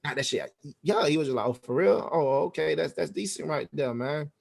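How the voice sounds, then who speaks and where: A man with a gravelly, fairly high voice talks quickly as a podcast guest, telling a story in a relaxed interview. He gets animated acting out the lines of dialogue, packed with slang and swearing.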